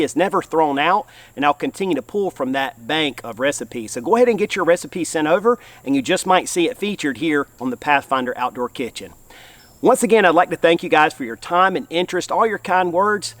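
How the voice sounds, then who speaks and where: A man's voice: on the high side, fairly bright tone, no room sound. A man hosting an outdoor cooking show, talking to viewers in a folksy, upbeat way from a campfire in the woods. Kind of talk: enthusiastic cooking vlog.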